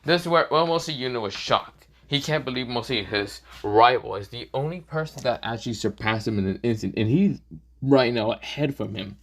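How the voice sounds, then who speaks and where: A man's voice: medium pitch, expressive, brisk. A man casually telling a fan story off the cuff, rambling and leaning on the same filler phrases. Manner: rambling, repeats fillers like "this is where, well, mostly".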